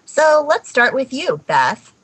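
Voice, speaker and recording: A woman's voice: high-pitched, big pitch swings, takes it slowly, a bit bright, husky, poor audio. A woman co-hosting a podcast in casual chat, wry and teasing. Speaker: podcast co-host.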